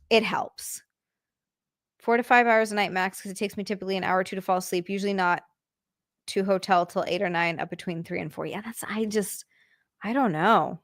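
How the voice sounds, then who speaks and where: A young woman chats casually on a live stream, reading out viewer messages and answering them with frustrated sympathy and plenty of swearing. Her voice sits at a middle pitch. The sound is close and dry, with no room echo. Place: home room, on a couch.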